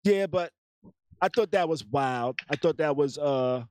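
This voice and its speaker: A man's voice: a little high, measured pace, darkish tone, no echo. A man co-hosting a casual podcast, joking loosely and reading chat messages and statements aloud. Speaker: podcast co-host.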